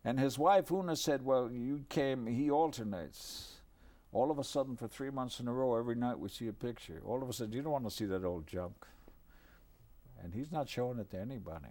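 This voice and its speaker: An older man telling a personal anecdote in a lively, animated way, dropping low for his asides. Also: a little fast. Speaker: storyteller. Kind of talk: anecdotal storytelling.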